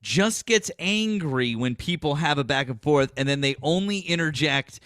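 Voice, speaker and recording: Lively Boston man chatting on a stream. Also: on the high side, moderate pace, clean tone, no room sound, clean studio sound. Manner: swears freely, laughs, acts out quoted people in a raised voice. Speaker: political livestream host. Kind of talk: casual livestream chat.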